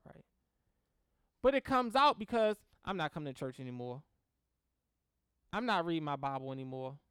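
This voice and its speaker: A woman teaching a Christian class on grief in a lively, conversational way, often laughing and checking in with the class. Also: low voice, moderate pace, clear, resonant tone, dry recording, clean studio sound. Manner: animated, laughs often, acts out prayers in quotes; checks in with "right?" and "okay?".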